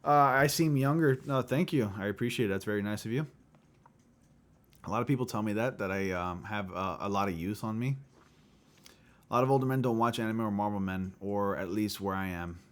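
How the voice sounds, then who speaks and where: A man's voice: fairly low pitch, fairly quick. Laughing man in his late twenties. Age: late 20s. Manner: laughs often, rambling and facetious. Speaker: livestream host. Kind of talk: casual chat with viewers.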